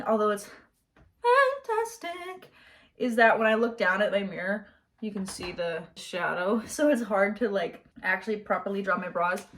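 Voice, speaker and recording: A young woman chatting casually in her bedroom while she does her makeup, high-energy and slangy. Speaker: beauty vlogger. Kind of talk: casual get-ready-with-me chat.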